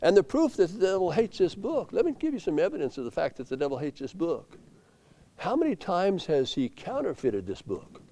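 A man preaching a sermon, swinging from low, quiet asides up to loud emphatic peaks. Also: very animated, fairly quick. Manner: rising to emphatic peaks, then dropping low.

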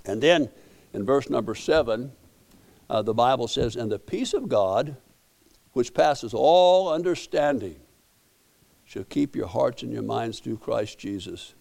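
A man's voice: medium pitch, expressive, a little slow, vocal fry, darkish tone. A middle-aged man, preaching a sermon as pastor in a folksy storytelling way, often repeating and restarting words.

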